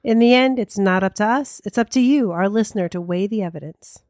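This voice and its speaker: A woman co-hosting a paranormal podcast, telling a ghost story in a slow, hushed, dramatic way. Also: medium pitch, dry recording, studio quality.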